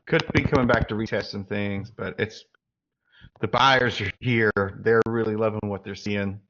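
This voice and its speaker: Lowish guy chatting about the market, laid back, muffled call audio. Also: fairly even intonation, normal speed, a bit bright. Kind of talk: casual livestream market commentary.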